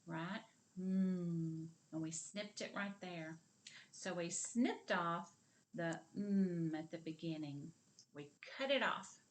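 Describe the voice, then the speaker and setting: Slow, lively-voiced kindergarten teacher woman. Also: medium pitch. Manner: slow, clear and encouraging, drawing out sounds. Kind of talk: video literacy lesson for young children.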